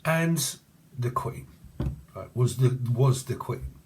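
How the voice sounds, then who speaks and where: An English-accented man reads tarot off the cuff, his voice at an ordinary middle pitch. He free-associates loosely and throws in crude jokes as he goes. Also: animated, takes it slowly, a little mellow. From Cambridgeshire, England. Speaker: tarot reader. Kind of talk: casual channeled tarot reading.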